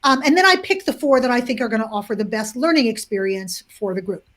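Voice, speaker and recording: A woman author, the interview guest, telling a long story in an animated way, with many restarts and fillers. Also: on the high side, quick pace.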